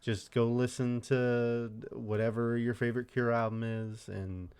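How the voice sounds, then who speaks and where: A man co-hosting a podcast in relaxed casual chat, speaking haltingly with many filler words. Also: medium pitch, smooth. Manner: laid-back, halting, leans on filler words. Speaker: podcast co-host.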